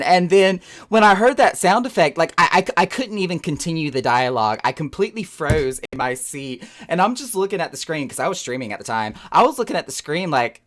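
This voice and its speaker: Excitable streamer chatting with viewers. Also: medium pitch, fairly quick, hardly any pauses. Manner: animated, excitable, laughs often; rambling, repeats words when searching for them. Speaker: game streamer. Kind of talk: casual chat with live viewers.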